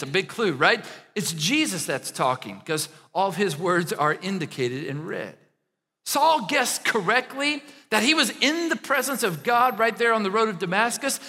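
A man preaching a sermon in a church, animated and conversational, often checking in with the congregation. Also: sits high, big-room sound. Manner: animated preaching with frequent "right?" asides. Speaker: pastor.

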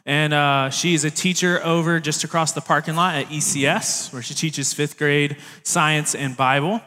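Joking youth pastor in a reverberant hall. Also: male voice, fairly high pitch, steady tone, moderate pace, sharp tone. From Tennessee, US South. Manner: friendly, joking, playful with the congregation. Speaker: youth director preaching. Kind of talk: sermon. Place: church sanctuary stage.

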